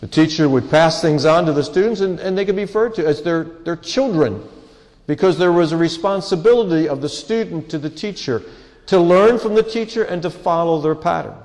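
A man preaching a sermon with earnest, pleading emphasis and drawn-out pauses. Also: a little high, darkish tone. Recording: long hall reverb.

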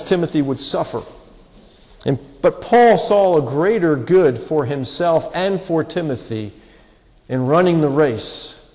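A man's voice: on the high side, darkish tone. Earnest man preaching in a reverberant hall. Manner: earnest, pleading emphasis with drawn-out pauses. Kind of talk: sermon.

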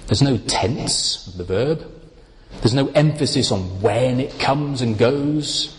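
A man preaching a sermon, explaining Bible words in a slow, deliberate, emphatic way. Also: medium pitch, long reverb tail, slight background noise.

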